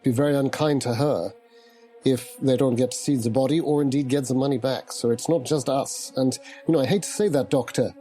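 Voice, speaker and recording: A man's voice: mid-range voice, fairly quick, dark tone, soft background music. A man roleplaying his character in a tabletop horror game, rambling and playful, laughing often. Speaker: player.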